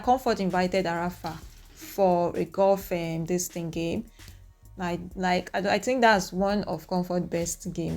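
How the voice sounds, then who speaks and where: A young woman, recapping events to her viewers in an animated, opinionated way. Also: lowish voice. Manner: animated, opinionated retelling with acted quotes. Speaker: reaction vlogger. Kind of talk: casual recap talking to viewers.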